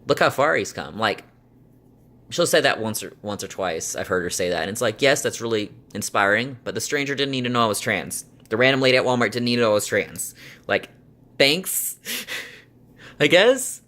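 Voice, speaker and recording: A man's voice: mid-range voice, animated, moderate pace, pushed and bright. A young adult man chatting casually to camera, rambling and venting with lots of fillers and exasperated laughs. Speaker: vlogger. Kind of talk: casual chat.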